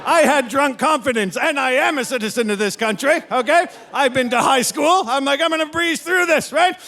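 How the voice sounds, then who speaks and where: Young male comic, bright and raspy, shouts the punchlines at a live crowd. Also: very high voice, moderate pace. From Canada. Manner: storytelling, acts out characters, shouts punchlines. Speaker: stand-up comedian. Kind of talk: stand-up comedy set. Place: comedy venue with live audience.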